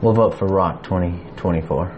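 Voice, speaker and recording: Man, casual podcast chat, teasing, lowish voice, faint background noise. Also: normal speed, highs cut off. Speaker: podcast co-host.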